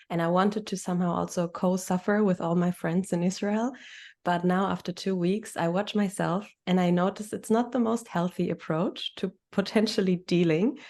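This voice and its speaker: A woman's voice: lowish voice, a little mellow. A woman with a German accent hosting a coaching podcast, speaking earnestly and personally, with small restarts. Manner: earnest, personal, slightly halting. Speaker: podcast host. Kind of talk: podcast interview intro.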